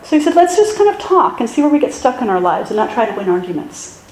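Lady pastor chatting through a sermon, high pitched, echoey room with faint hum behind. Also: quick pace. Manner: conversational, self-deprecating, animated asides.

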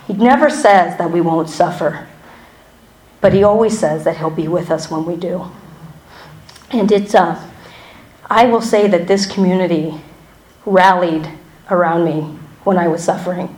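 Woman telling her church testimony, kinda low voice, chatty, lots of um and like, echoey hall. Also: unhurried, long pauses, darkish tone. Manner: candid and conversational, many fillers and self-corrections, wry asides. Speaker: church member giving a testimony. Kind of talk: personal testimony to a congregation. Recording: roomy hall echo.

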